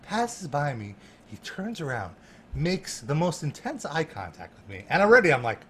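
A man spins an excited story in casual conversation, laughing often and piling up fillers and false starts. His voice sits a touch high. Faint background noise lies beneath him. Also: normal speed. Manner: animated, laughing, lots of fillers and restarts. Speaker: guest. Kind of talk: casual storytelling in a podcast chat.

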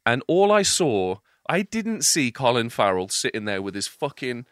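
A young man in casual chat, playful and teasing with frequent swearing. His pitch moves a lot and the recording is dry and close. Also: sing-song, moderate pace, fairly bright tone, dry recording. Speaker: podcast co-host.

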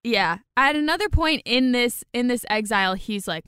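Lively woman co-hosting a podcast recap. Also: fairly high pitch, normal speed, smooth, no room sound. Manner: animated, laughs often. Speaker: podcast co-host. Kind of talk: casual recap chat.

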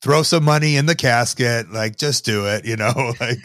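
A man's voice: mid-range voice, normal speed, a bit bright, dry recording, clean studio sound. Wry, rambling man on a podcast. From Illinois, US. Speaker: podcast guest. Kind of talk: casual podcast chat.

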